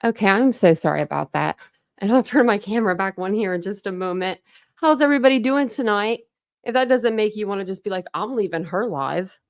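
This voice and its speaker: A woman's voice: medium pitch, quick pace, no room sound, studio quality. A woman hosting a casual livestream from home, chatty and apologetic, greeting viewers by name. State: a little out of breath. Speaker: livestream host. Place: home room with dogs.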